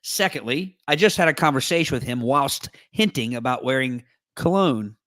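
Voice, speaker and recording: A man's voice: mid-range voice, animated, moderate pace, a bit bright, no room sound, studio quality. A man co-hosting a live podcast in a casual, joking chat, reading a forum post aloud with playful asides. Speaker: podcast co-host.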